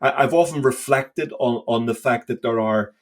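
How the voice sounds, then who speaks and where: A man co-hosting a podcast, talking about scripture with energy and conviction. He is animated and emphatic, stressing key words and sometimes slipping into the voices of the people in the story. His voice sits in a mid range. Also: medium pitch, normal speed. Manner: animated, emphatic, acts out quoted lines. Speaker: podcast co-host. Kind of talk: casual theological discussion.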